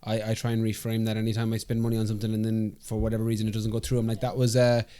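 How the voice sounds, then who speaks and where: Smooth-voiced male podcast host. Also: lowish voice, completely flat delivery, rapid-fire, warm tone. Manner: encouraging, many short affirmations. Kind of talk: interview conversation.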